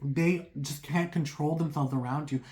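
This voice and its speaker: A tarot reader talking casually to viewers. They ramble excitably, fill sentences with "like" and break off into apologetic asides. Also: mid-range voice, normal speed. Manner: rambling, heavy use of "like"; excitable, talks through racing thoughts.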